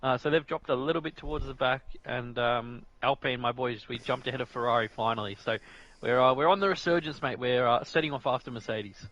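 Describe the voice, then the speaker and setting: A man's voice: mid-range voice, fairly quick, a bit bright, no room sound, lo-fi sound. A man with an Australian accent doing casual live commentary on a sim racing league, laughing and bantering as he runs through the grid.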